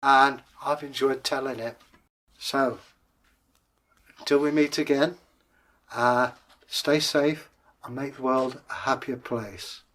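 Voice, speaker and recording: A male storyteller, recounting a fairy tale in a loose, chatty way with joking asides. His voice is bright and clear, and he takes his time over every line. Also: mid-range voice, steady tone, slow, long pauses. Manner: chatty, jokey, conversational asides. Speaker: storyteller and channel host.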